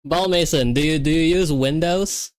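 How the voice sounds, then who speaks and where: A young woman streaming herself coding, talking excitedly and repeating herself as things work or fail. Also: deep voice, moderate pace, dry recording. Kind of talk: livestreamed coding session chat.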